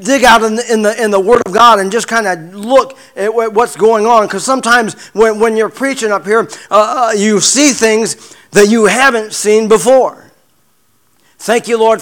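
A man preaching a sermon, halting often with repeated words and fillers, sometimes dropping to a hushed murmur. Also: sits high. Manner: drops to a hushed murmur in prayer.

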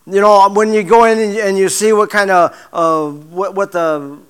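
A man preaching a sermon, halting often with repeated words and fillers, sometimes dropping to a hushed murmur. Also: high-pitched, steady tone, smooth. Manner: drops to a hushed murmur in prayer.

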